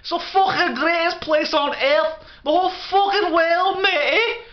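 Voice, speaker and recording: A man putting on a high, brash, swearing Liverpool man with a mock Scouse accent. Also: unhurried, dull audio. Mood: boastful. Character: loud boastful man from Liverpool, mock caricature.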